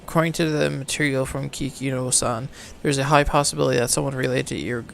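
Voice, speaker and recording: Gravelly man reading game text. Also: mid-range voice, fairly even intonation, slight background noise. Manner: halting reading with self-corrections. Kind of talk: reading game narration aloud, casual outro.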